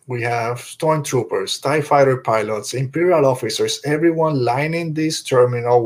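Man, podcast co-host, casual rambling chat, enthusiastic, mid-range voice. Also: mid-range voice. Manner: rambling, enthusiastic, slips into quick character impressions. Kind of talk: casual fan review chat.

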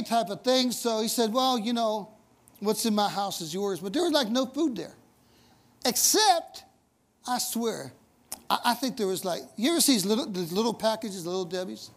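A man's voice: sits high, normal speed. A man preaching a sermon in a conversational, folksy way, telling stories with emphatic asides. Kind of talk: storytelling sermon.

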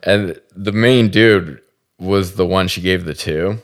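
A man's voice: low voice, slow pace. A man hosting a podcast, telling a story in a profane, exasperated comic ramble. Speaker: podcast host. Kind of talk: rambling comedic monologue.

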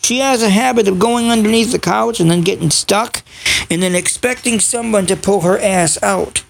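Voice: medium pitch, normal speed, gravelly. A podcast host in a casual, rambling monologue, profane and sarcastic. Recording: loud background noise and crowd chatter.

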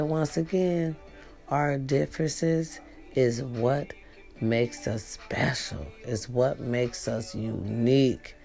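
Woman doing her podcast, slow lazy drawl, rambly and jokey, soft music playing under her. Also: rumbling low, vocal fry. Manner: rambling, playful, teasing. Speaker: podcast host. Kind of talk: casual monologue to listeners.

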